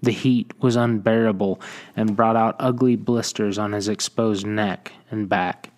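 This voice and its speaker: A man reading a western short story aloud in measured audiobook narration. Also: lowish voice, fairly even intonation, darkish tone.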